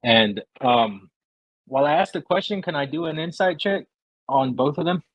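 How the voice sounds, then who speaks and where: Husky-voiced male player, dry sound. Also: fairly high pitch, lively intonation, moderate pace, dry recording, rough recording. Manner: casual, asking rules questions. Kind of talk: casual tabletop game chat.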